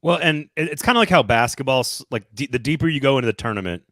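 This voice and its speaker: A man's voice: medium pitch, lively intonation, fast, fairly bright tone, no echo, clean studio sound. A man hosting a sports podcast, asking long, rambling questions in a casual tone. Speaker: podcast host.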